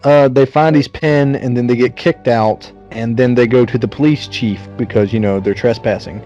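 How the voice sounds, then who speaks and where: A man's voice: mid-range voice, fairly even intonation, normal speed, warm tone, soft background music. Male co-host summarizing the movie, casual and profane, slightly dull recording. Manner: joking, swearing, summarizing plot. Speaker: podcast co-host. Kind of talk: casual chat.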